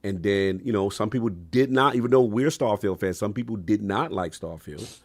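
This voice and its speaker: A man's voice: fairly low pitch, normal speed, no echo, clean studio sound. A man hosting a gaming podcast, talking in a slangy, hyped way and often talking over the others. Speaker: podcast host. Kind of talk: casual podcast chat.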